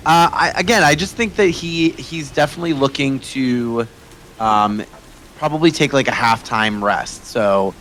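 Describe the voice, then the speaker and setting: Halting man explaining his character's plan. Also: medium pitch, a bit bright, a little hiss or hum, rough recording. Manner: halting, with many restarts. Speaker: player. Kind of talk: casual chat at a game table.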